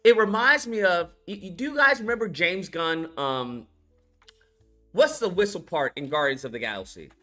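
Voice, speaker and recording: A man reviewing a film in a casual rant, animated and profane, laughing as he recaps scenes. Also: high voice, moderate pace, soft background music.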